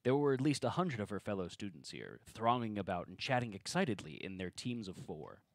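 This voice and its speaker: A man's voice: on the low side, big pitch swings, brisk, dry recording. A man reading the narration at a tabletop game table read and joking with the other players.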